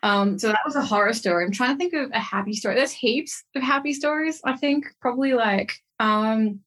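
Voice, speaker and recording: A woman's voice: a little high, fairly quick. A young Australian woman, a guest musician, chatting casually in an interview and telling stories with lots of fillers and laughter. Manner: animated storyteller, frequent "like" fillers and laughter.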